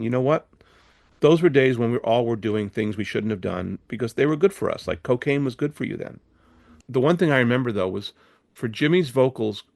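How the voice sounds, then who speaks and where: Gravelly older man telling studio stories. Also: fairly low pitch, no echo. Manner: animated, with frequent restarts and repeated words. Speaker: guest, record producer. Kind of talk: anecdotal interview storytelling.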